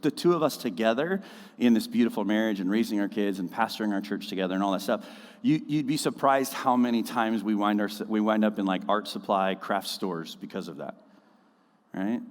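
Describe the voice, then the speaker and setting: A man's voice: fairly low pitch, lively intonation, brisk. A man preaching a casual, conversational sermon as the pastor of his church, joking and slipping into mocking voices. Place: church auditorium. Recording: reverberant church hall.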